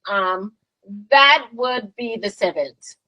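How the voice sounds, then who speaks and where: A woman, a business owner chatting as a guest in an interview, animated and talkative. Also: on the high side, takes it slowly, no echo, low-quality recording. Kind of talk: casual interview chat.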